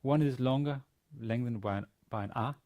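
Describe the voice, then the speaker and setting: This university lecturer's voice is mid-range and darkish, moving at a moderate pace, with the highs cut off. Teaching Biblical Hebrew, he reads sentences in Hebrew, translates them, and methodically explains the grammar step by step.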